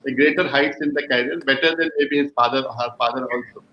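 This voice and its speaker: A man, a jury member speaking earnestly and haltingly on a video call. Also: medium pitch, steady tone, pushed and bright, slight background noise. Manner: earnest, halting, slightly ungrammatical. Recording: dull lo-fi video call audio.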